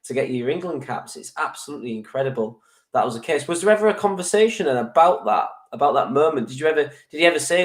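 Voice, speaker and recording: A man's voice: fairly high pitch, fast talker. Man hosting a podcast interview. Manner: encouraging, frequent short affirmations. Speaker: podcast host. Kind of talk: interview questions.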